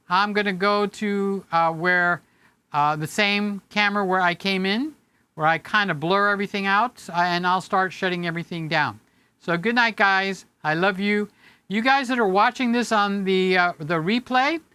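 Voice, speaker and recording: A man's voice: high voice, sharp tone, smooth, no room sound. A man hosting a casual live stream from a home studio room, rambling, joking and affectionate with his viewers.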